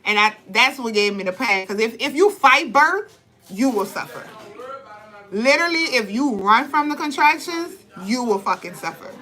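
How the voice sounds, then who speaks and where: A young woman telling birth stories and giving advice in blunt, profane, animated casual talk. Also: a little high, normal speed, low-quality recording. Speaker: vlogger, birth advocate. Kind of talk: candid casual talk to camera.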